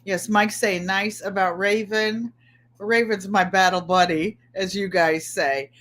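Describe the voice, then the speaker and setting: A middle-aged woman from Connecticut hosts a casual livestream in a medium-pitched, slightly bright voice with fairly even intonation and an unhurried pace. She welcomes viewers by name and chats about her week, repeating phrases often.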